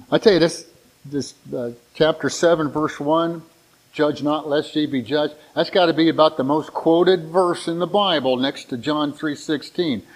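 A middle-aged pastor preaching in a loose, conversational manner, repeating and restarting words as he goes. His voice sits a little high for a man. He breaks up the teaching with homely asides. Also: low-quality recording. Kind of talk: sermon.

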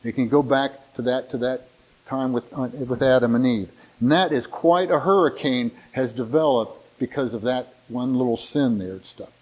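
An older man preaching a sermon in a conversational way, retelling stories with lively restarts. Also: mid-range voice, moderate pace, rough recording.

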